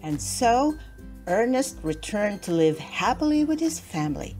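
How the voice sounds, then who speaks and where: A woman reading a children's storybook aloud, with gentle storytelling and voices for the characters. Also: medium pitch, big pitch swings, moderate pace, faint music behind. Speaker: children's book reader.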